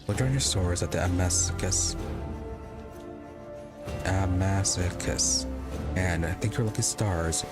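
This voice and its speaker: Guy voicing a huge guard, low threatening mutter, music behind. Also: takes it slowly, pauses often. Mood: menacing. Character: massive menacing male guard. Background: game music.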